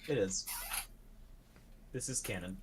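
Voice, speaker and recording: A man's voice: on the low side, slow pace, background noise. A male player in an online tabletop game, bantering with jokes and swearing. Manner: joking, profane banter. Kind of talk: casual tabletop game chat.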